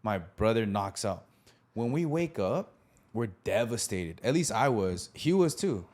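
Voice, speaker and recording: A man in his thirties casually telling a childhood story as the podcast host, animated, acting out voices and laughing often. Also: lowish voice, unhurried.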